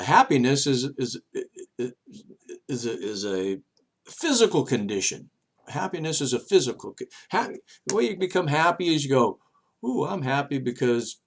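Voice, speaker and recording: A man hosting his own show, giving a rambling, halting religious monologue, dropping soft low asides between loud emphatic bursts. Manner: rambling, halting, many restarts and fillers. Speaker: show host.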